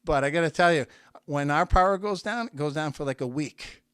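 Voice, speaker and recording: A man's voice: a little high, fairly quick, a bit bright, clear, resonant tone, no room sound, studio quality. A man from New England hosting a weekly music interview show in a chatty, rambling way with many fillers. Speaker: podcast host. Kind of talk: casual interview chat.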